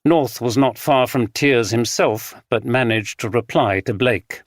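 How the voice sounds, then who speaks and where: Measured male audiobook narrator. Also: medium pitch, no room sound, studio quality. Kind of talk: scripted narration.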